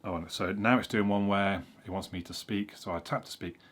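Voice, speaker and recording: A man's voice: fairly low pitch, fairly even intonation, fairly quick, a bit bright. A man chatting casually about learning a language, rambling and correcting himself with frequent ums. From England. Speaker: vlogger. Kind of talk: casual explanatory chat.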